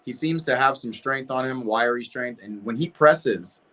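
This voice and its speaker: A young man hosts a football watch party, talking casually and animatedly as he reacts to the match and answers his chat. His voice sits at a middle pitch, easy and conversational. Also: normal speed, sharp tone.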